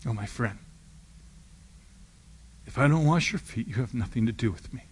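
A man's voice: mid-range voice, steady tone, a little slow, darkish tone, husky. A man voicing a tender, pleading Jesus. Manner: tender, pleading, dropping to a whisper. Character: Jesus, gentle, loving grown man.

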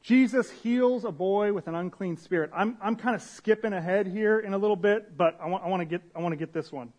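A young man delivers a sermon in a loose, conversational style, slipping into slang and restarting his sentences as he reads and explains scripture. His voice sits a little higher than most men's. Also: brisk, a little mellow. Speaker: pastor.

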